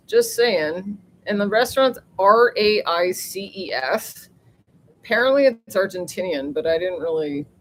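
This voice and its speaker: Woman host, loose rambling live-stream chatter, mid-pitched, laughs and mild cursing, phone mic outdoors. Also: a bit bright, slight background noise, poor audio. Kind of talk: rambling casual live chat. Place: outdoors near the ocean.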